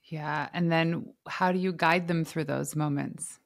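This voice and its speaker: A woman hosting a podcast in casual interview chat, animated and laughing often as she acts out what others said. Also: low-pitched, unhurried, creaky, no room sound, clean studio sound. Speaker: podcast host.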